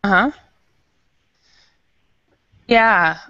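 A woman teaching an English class over a video call, explaining patiently and slowly with many fillers. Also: mid-range voice, bright, forceful tone, smooth, no room sound. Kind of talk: online English lesson. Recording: dull lo-fi video call audio.

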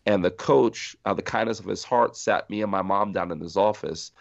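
Man, middle-aged, from New Jersey, podcast guest, deep gravelly voice, animated storytelling, dry dull recording. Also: brisk, no echo. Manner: animated storyteller acting out quoted voices, laughing often. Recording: dry muffled sound.

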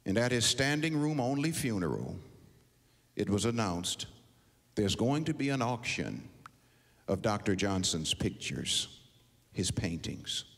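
A man preaching a sermon, telling a story dramatically with deliberate pauses in a large hall. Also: medium pitch, fairly bright tone, breathy edge. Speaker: university president preaching. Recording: long hall reverb.

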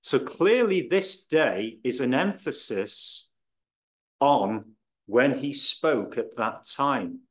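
A man explaining scripture in a measured teaching style, stressing key words as he goes. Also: mid-range voice, animated. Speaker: Bible teacher.

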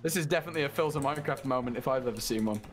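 A man's voice: medium pitch, rapid-fire, over a noisy crowd. A young man playing a game with a friend, telling jokey stories. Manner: playful, telling stories in an exaggerated local accent. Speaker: co-player. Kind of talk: casual gaming chat. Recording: stream with game music underneath.

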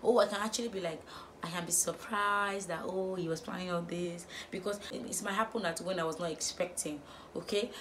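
A young woman vlogging, firing off exasperated rhetorical questions in an animated opinion rant. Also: lowish voice, fairly quick, noisy background.

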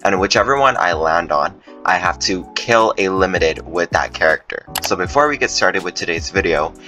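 A man giving excited gameplay commentary, his voice jumping high when tense. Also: normal speed, soft background music. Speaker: gaming YouTuber.

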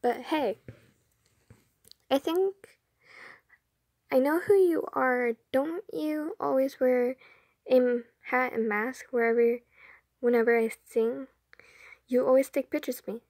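Easygoing young idol guy, read by a woman, slightly high and mellow. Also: takes it slowly, pauses often, dry recording, studio quality, exaggerated voice. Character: friendly young male singing idol.

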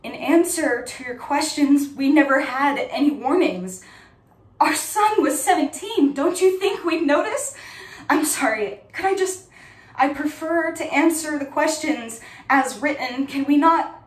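A woman's voice: high-pitched, animated. A woman playing a tense, defensive mother. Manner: tense, halting, repeats herself. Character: defensive middle-aged mother under hostile questioning. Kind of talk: audition monologue. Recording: echoey room, mic at a distance.

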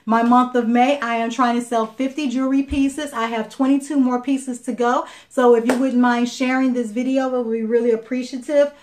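Chatty lady selling jewelry live, kinda high voice, lots of ums and repeats. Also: steady tone, moderate pace, few pauses, darkish tone, a little hiss or hum. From Chicago, Illinois. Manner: chatty, repeats herself, many fillers. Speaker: jewelry seller on live video. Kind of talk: live sales stream.

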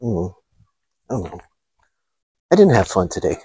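A squealing, scatterbrained young woman, as a man puts her on with a high, giggly voice that leaps all over. The voice is breathy and close, with no room around it. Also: huge pitch swings, slow pace, no echo, full character voice. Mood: mopey. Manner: squealing, giddy, laughing constantly.

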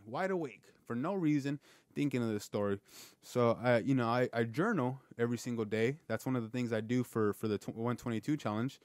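An earnest man talks through his thoughts on a podcast, rambling and restarting, often tossing in "right?". His voice sits at an ordinary pitch for a man. The sound is very dry, with no room echo. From Southern California. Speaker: podcast host. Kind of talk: casual reflective monologue.

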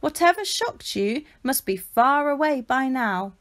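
A woman voicing a wise, calm male lion who explains in a soothing, measured way. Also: high voice, voice pushed up.

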